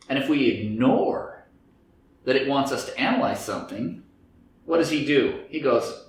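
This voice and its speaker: Speaking to a group on anxiety and stress, a man brings inner voices to life through quoted dialogue. His mid-range voice has lively intonation and a moderate pace, captured in a very echoey room with faint background noise.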